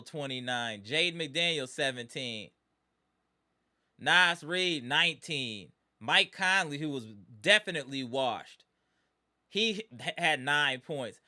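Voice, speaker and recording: A man with a high, bright voice hosts a live fan stream and vents in exasperation. He repeats his points and talks straight to his viewers. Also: animated, takes it slowly. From Wisconsin. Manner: exasperated, ranting, repeats himself.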